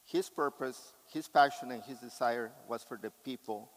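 A man's voice: mid-range voice, moderate pace, in a large hall, poor audio. A man preaching a sermon with impassioned, emphatic delivery.

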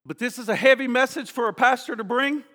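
A high, piercing male voice preaches with fervor, leaping from shouts down to hushed asides. He is a middle-aged pastor, and his words carry a long echo through a church hall. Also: fast. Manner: fervent, emphatic preaching that swings from shouts to hushed tones. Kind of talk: sermon.

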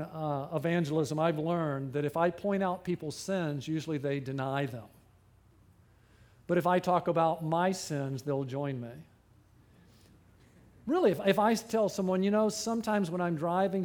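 A middle-aged man preaching a sermon, animated, with big swings up and sudden drops. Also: high-pitched, moderate pace. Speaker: pastor.

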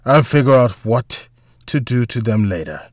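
A man's voice: medium pitch, animated, normal speed, no room sound, studio quality, lightly acted. A man voicing a cold, menacing female boss. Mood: cold menace.

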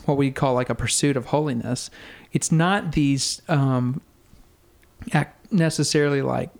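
A man's voice: mid-range voice, measured pace, creaky. A man guest earnestly recounting a personal faith experience in casual conversation, with frequent fillers and restarts. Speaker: podcast guest.

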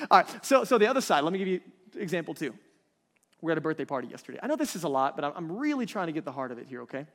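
Rapid-fire and sing-song, the fairly bright, high voice of a pastor in his thirties delivers a conversational sermon with frequent check-ins to the congregation. A long reverb reveals a large hall.

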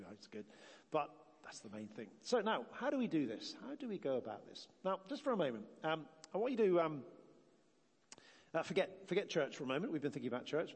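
A man's voice: mid-range voice, a little mellow, husky. A man from England preaching a sermon in a conversational way, asking the congregation questions. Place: church. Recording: long reverb of a church.

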